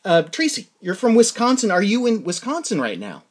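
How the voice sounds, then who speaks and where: A man's voice: sits high, huge pitch swings, a little fast. A man hosting a podcast interview, talking casually, with frequent restarts and fillers. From New England. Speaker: podcast host.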